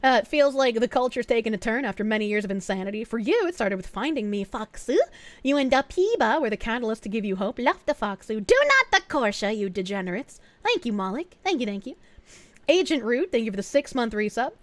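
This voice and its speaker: Woman streamer reading donations, kinda high voice, swears a ton, dry close sound. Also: brisk, no echo. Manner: swears a lot, excitable, reads chat messages aloud. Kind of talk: casual livestream chat, reading donation messages.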